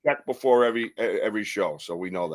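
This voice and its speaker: A man's voice: fairly low pitch, quick pace. A man hosting a live podcast, chatting casually in a rambling, joking way and laughing often. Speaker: podcast host.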